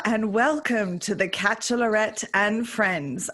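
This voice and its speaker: A woman with an Australian accent hosting a podcast in casual chat, loud, laughing and swearing freely. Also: fairly high pitch, expressive, a little slow. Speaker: podcast host.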